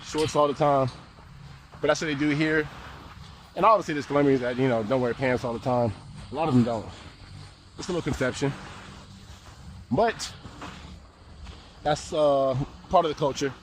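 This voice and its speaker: A young American man vlogging outdoors, talking in a slangy, laid-back, animated way as he walks city streets. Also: mid-range voice, moderate pace, long pauses, a little hiss or hum. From United States. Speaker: travel vlogger. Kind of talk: casual walk-and-talk vlog.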